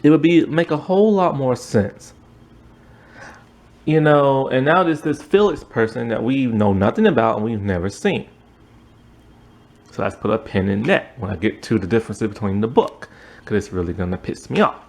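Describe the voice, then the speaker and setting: A man giving a casual, animated recap and review of a TV series, acting out the characters' lines in quick asides and breaking into exasperated outbursts. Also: mid-range voice. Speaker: show reviewer.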